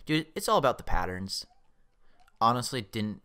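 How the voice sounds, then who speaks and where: A young man giving casual, excitable commentary while playing a video game, swearing freely and mocking his own skill. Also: medium pitch, moderate pace, clean tone. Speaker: let's play gamer.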